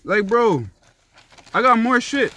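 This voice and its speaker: A man's voice: very high-pitched, lively intonation, takes it slowly, sharp tone. A young man giving heated, profane sports commentary in a ranting vlog style.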